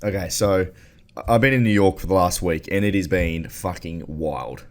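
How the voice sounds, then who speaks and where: Deep-voiced, laid-back host. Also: male voice, moderate pace. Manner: relaxed, laid-back, casual swearing. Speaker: podcast host. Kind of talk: casual chat.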